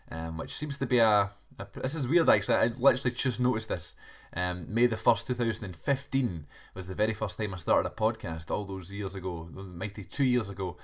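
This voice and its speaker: A male podcast host giving a chatty, rambling solo cold open, joking at his own expense and restarting sentences. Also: lowish voice.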